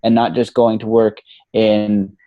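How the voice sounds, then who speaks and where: A man's voice: fairly low pitch, flat delivery, unhurried, no room sound, phone-quality sound. A man guesting on a podcast as a coach, talking casually and with animation, swearing freely and saying "man" and "you know" a lot. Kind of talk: casual interview talk.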